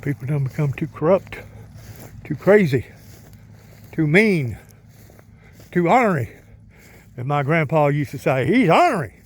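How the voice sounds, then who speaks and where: Middle-aged man, rambling country storyteller, voice a bit high, vlogging outside. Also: lively intonation, unhurried, pauses often. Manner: rambling folksy storytelling, talks to his dog. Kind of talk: casual outdoor vlog. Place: outdoors in the countryside by a pond.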